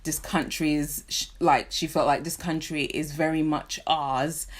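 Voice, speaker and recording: A young woman from London, speaking with a British accent and a slightly low voice, chats unscripted to camera as she does her makeup. She goes off on tangents, jumps between thoughts and keeps checking in with the viewer. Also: unhurried. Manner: rambling and animated, many asides and "do you know what I mean". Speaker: vlogger. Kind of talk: casual chat while doing makeup.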